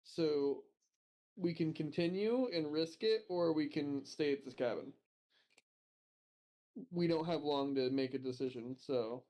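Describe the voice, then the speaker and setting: A man's voice: a little high, unhurried, pauses often, mellow. A man playing a tabletop game casually, talking hesitantly with many fillers and restarts. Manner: hesitant, filler-heavy, laughs easily. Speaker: player.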